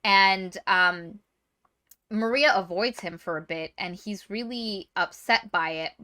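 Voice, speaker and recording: A woman co-hosting a book podcast, retelling a novel's plot in an animated, chatty way. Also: mid-range voice, slow. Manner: animated retelling, lots of fillers. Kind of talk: casual book discussion.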